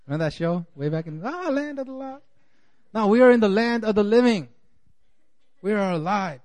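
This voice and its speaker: High-voiced man preaching casually. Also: expressive, a little fast, darkish tone. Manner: conversational, peppered with "you know"; acts out quoted voices. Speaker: pastor. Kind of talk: sermon.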